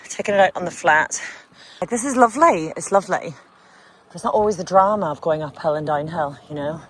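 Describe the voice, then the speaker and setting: A woman in her forties training for a cycling event films herself candidly on an outdoor bike ride with a small camera she carries. She questions herself, laughs a lot and sometimes gets emotional. Her voice is on the low side, expressive, a little fast and a bit bright.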